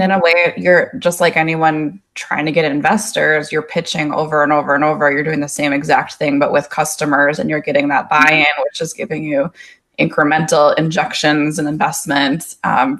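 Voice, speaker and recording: Woman host musing back at her guest, gravelly creaky voice. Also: low voice, fairly bright tone. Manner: reflective, affirming. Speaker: interview host. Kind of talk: casual interview conversation.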